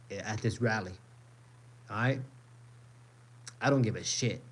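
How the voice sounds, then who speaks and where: A man hosting a live stream, reacting to a rally in an emphatic, repetitive, profane rant while addressing his viewers directly. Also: mid-range voice.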